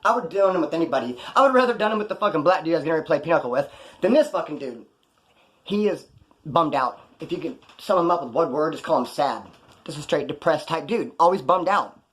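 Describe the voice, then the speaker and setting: A man's voice: on the high side, lively intonation, fast, a bit bright. A man casually telling rambling, profanity-laced stories with a wry edge. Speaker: vlogger recounting jail stories. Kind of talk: casual storytelling.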